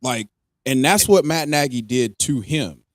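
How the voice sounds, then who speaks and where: Man, podcast co-host, casual ranting chat, swears a lot, mid pitch, dry close sound. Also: a little slow, no room sound. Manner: animated, ranting, swears freely. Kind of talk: casual fantasy football chat.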